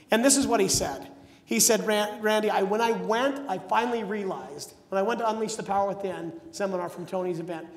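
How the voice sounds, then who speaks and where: A middle-aged man telling stories as a motivational speaker at a live seminar, energetic and acting out the voices of the people he quotes. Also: high voice. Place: large seminar hall. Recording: echoey hall.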